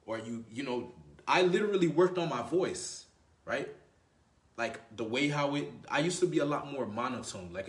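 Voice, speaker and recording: A man's voice: mid-range voice, expressive, moderate pace. Profane casual man coaching in echoey room. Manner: loose, profane, peppered with "you know" and "right?". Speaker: dating coach. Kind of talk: casual talking-head coaching.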